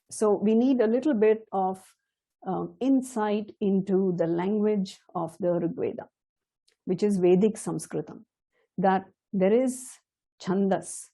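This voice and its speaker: A middle-aged woman teaching a chant, explaining slowly and carefully, now and then laughing softly. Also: medium pitch. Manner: slow, measured and explanatory, with soft laughs. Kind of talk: spoken lesson with chanted demonstrations.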